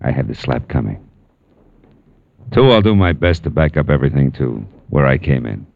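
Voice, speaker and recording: An actor playing a wry, wisecracking private detective in an old radio drama, also narrating. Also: male voice, extremely low pitch, very animated, normal speed, gravelly, exaggerated voice. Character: hard-boiled male private detective, wisecracking. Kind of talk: 1940s radio acting with narration. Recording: dull old radio broadcast with faint music.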